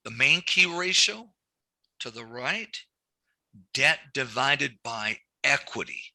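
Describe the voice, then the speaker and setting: A man's voice: mid-range voice, expressive, takes it slowly, vocal fry, pushed and bright, dry recording. A man teaching a lending class, repeating key points and telling stories from his banking days. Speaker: banking instructor. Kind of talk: classroom lecture.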